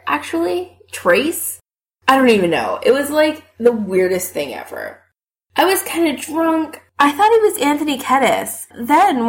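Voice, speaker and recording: A woman voicing a squealing, bubbly young woman. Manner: high, gushing, loud squeals. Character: bubbly excitable young woman, blunt and loyal. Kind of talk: audiobook character voice.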